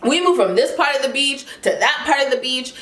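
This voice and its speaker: A woman's voice: high-pitched, animated, fairly quick, a bit bright. A young woman vlogger telling a heated, indignant story in a casual way. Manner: heated, indignant retelling with quoted dialogue. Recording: echoey room.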